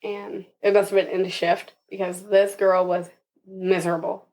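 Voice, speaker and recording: A woman's voice: medium pitch, little pitch movement, moderate pace, a little mellow. A young woman, a podcast guest, telling her birth story casually and with animation, laughing often and acting out what others said.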